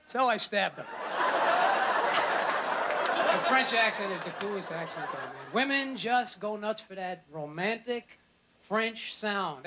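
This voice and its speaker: Bright high-voiced New comic. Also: male voice. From New York. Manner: jokey, rambling anecdotes. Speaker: stand-up comic.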